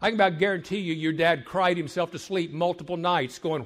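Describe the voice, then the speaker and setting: An older man, a marriage counselor, gives an emphatic sermon-like talk to young people, building repeated phrases and sometimes dropping to a hush. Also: fairly high pitch, fairly even intonation, fast, hardly any pauses. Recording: long hall reverb.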